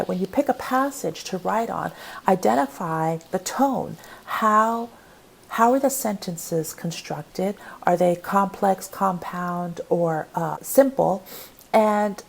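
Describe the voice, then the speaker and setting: Gravelly-voiced woman teaching composition. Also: mid-range voice. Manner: explanatory, asks the class many questions. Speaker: college composition instructor. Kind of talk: recorded online lecture. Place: home, recorded for online class.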